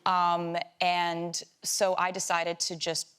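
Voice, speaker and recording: Woman on a chat show, slightly low voice, composed and clear. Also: completely flat delivery, slow, fairly bright tone. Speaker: talk show guest.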